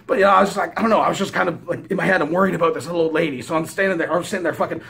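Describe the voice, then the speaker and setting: A man's voice: fairly high pitch, rapid-fire, gravelly. A man casually telling a long, rambling story, swearing constantly and acting out every beat. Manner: profane, animated, rambling. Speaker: vlogger.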